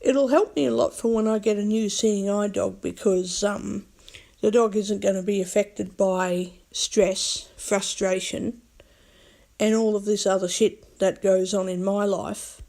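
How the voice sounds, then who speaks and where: A woman's voice: mid-range voice, steady tone, unhurried, vocal fry, mellow. A woman vlogger in a casual, rambling monologue, talking bluntly with a lot of swearing and repeating herself.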